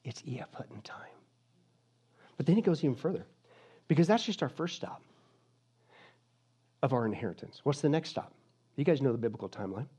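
A male pastor preaching a sermon in a lively, joking manner, swinging from loud to hushed. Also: medium pitch, brisk, pauses often, breathy edge.

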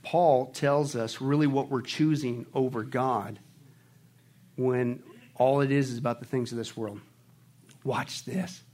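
A man's voice: mid-range voice, steady tone, a little slow, darkish tone. A male pastor preaching a sermon emphatically, calling on his congregation to respond. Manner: emphatic, calls on the congregation to answer.

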